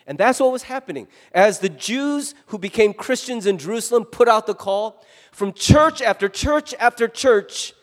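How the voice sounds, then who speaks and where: A man preaching a sermon to his congregation, lively and animated, acting out voices as he goes. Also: high voice, long reverb tail. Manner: animated, acts out quoted voices. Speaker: pastor.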